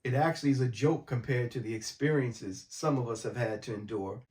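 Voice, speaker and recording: A man from mid-state New York, calmly recounting a personal story in a documentary interview. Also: medium pitch, a little fast.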